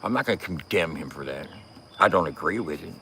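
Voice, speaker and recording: A man's voice: extremely low pitch, animated, fairly quick, pushed and bright, slight background noise. A man giving a casual, profane rant as a commentator, cursing and laughing often.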